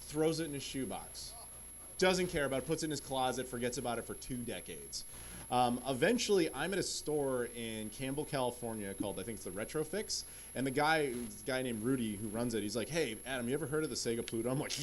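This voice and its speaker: A man's voice: mid-range voice, a little fast, a little hiss or hum. A man on a convention panel, casually telling a story and animatedly acting out what people said. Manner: animated, acts out quotes of others.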